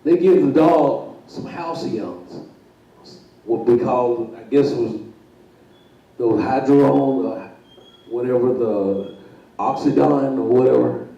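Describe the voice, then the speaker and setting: A man's voice: mid-range voice, slow, gravelly, long pauses, mellow, muffled recording. A man telling a comic story on stage, chuckling, repeating himself and acting out the voices. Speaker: guest storyteller. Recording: very echoey room, voice far from mic.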